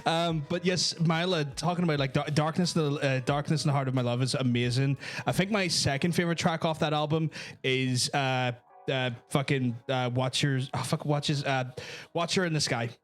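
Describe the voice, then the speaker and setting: A man's voice: a little high, moderate pace. A man with a Northern Irish accent co-hosting a live talk show, chatting casually, rambling and swearing as he searches for words. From Northern Ireland. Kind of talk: casual chat.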